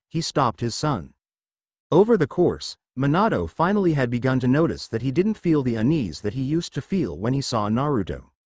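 A man's voice: medium pitch, darkish tone, no echo. A man narrating a fan fiction story in a plain reading style, with frequent slips. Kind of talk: amateur fanfiction reading.

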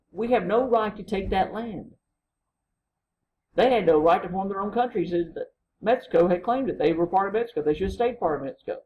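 A man's voice: on the high side, gravelly, dull audio, slight background noise. A man lecturing a college humanities class, telling stories casually and acting out quotes, with frequent "right?" to the students.

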